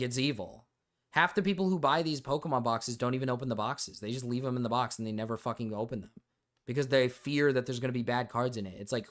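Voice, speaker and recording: A young man streaming, chatting casually and rambling, often restarting sentences and swearing freely. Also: mid-range voice.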